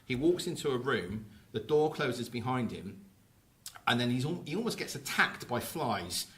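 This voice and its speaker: A man hosting a casual podcast chat, telling film stories in a lively way. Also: medium pitch, normal speed. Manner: lively storyteller recounting film plots. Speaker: podcast host.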